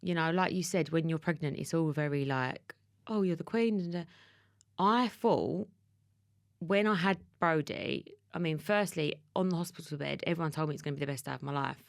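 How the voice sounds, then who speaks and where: Woman, essex accent, low gravelly voice, dry close sound, emotional rambling storytelling. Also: normal speed, no echo. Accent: Essex English. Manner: emotional, tumbling storytelling with restarts. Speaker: podcast guest. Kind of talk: candid conversational interview.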